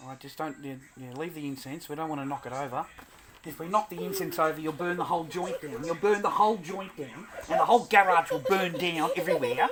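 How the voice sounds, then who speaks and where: A man playing and joking with his young child in a home garage, teasing in a playful way with squeaky high bursts. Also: fast, a crowd in the background. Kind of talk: casual home video.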